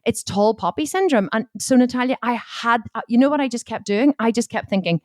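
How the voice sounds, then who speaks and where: A woman's voice: a little high, fast, hardly any pauses, no room sound, clean studio sound. Blunt, storytelling businesswoman. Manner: blunt, expletive-heavy, animated retelling. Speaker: podcast guest, entrepreneur. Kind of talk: candid storytelling interview.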